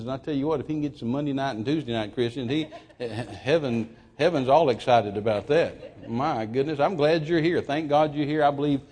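A man's voice: medium pitch, a little mellow, breathy edge. A man preaching a sermon, stumbling through repeated restarts and then rising into emphatic quotation.

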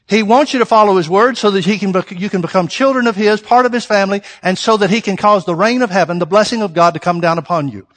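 Emphatic preacher man in a reverberant hall. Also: sits high. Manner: emphatic, rhetorical questions to the congregation; reads scripture slowly and deliberately. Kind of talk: sermon with scripture reading.

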